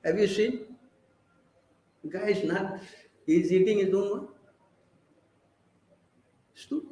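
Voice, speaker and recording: A man's voice: high-pitched, slow pace, warm tone, echoey room, rough recording. A man giving a scripture class, preaching and prodding his listeners with rhetorical questions.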